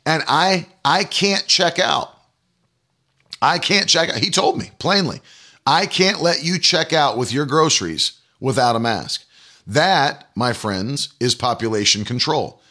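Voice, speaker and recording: A man's voice: a little high, bright, forceful tone. A man hosting a prophecy broadcast, speaking to listeners in an indignant, rambling way, repeating himself with many fillers. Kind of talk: spoken commentary to listeners.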